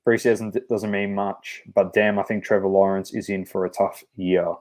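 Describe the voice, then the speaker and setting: A man co-hosting a casual sports podcast, reading out football scores and matchups in a steady, brisk run. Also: deep voice. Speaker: podcast co-host.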